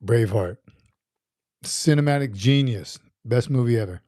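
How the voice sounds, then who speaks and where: A man in his fifties chats casually through a livestream, rambling and circling back over his words as he reads comments aloud. His voice has a mellow, relaxed tone, and the sound is dry and close with no room around it. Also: medium pitch, normal speed, dry recording. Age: 50s. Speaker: livestream host.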